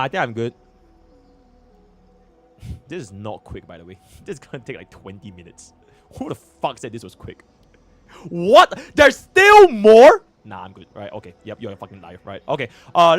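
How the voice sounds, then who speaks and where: A man's voice: fairly low pitch, big pitch swings, normal speed, vocal fry. A young man from Singapore streaming live, chatting casually and muttering to himself as he works through menus. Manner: chatty, repeats filler phrases, mutters to himself.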